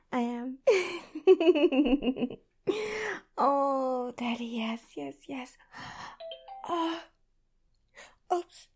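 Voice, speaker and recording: Very high, slow, gravelly woman's voice. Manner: pleading, breathless, slips into whispers. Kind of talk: adult audio role-play.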